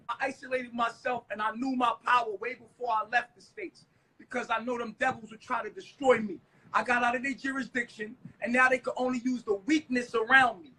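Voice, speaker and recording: Husky high-voiced man ranting angrily. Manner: profane, accusing, shouting. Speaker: livestreamer ranting at his wife. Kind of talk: heated livestream rant.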